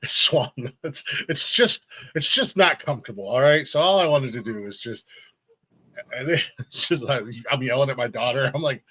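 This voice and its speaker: A man's voice: mid-range voice, animated, moderate pace, sharp tone, breathy edge, low-quality recording. A middle-aged man, co-hosting a casual podcast and telling heated, profane stories with bursts of laughter. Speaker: podcast co-host. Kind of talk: casual chat.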